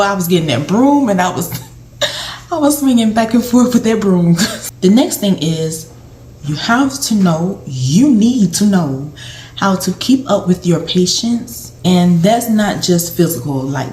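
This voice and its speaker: A woman with a low, mellow voice tells a casual, rambling story full of fillers as she gives caregiving tips. The recording carries a roomy echo. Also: a little hiss or hum. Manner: rambling and conversational, with many fillers. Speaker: vlogger and former home health aide.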